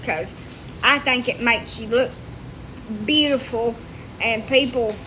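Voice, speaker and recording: A woman with a slightly high voice speaks slowly over background noise. She's a storyteller vlogger outdoors on rural property with dogs, holding her phone and spinning a tale in casual, blunt, salty, self-mocking talk.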